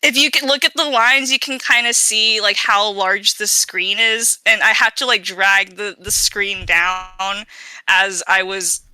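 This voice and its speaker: A woman's voice: medium pitch, steady tone, unhurried, pushed and bright, clean tone, no echo, rough recording. A woman co-hosting a podcast in casual chat, rambling and outgoing, with lots of fillers and restarts. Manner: outgoing and chatty. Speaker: podcast co-host.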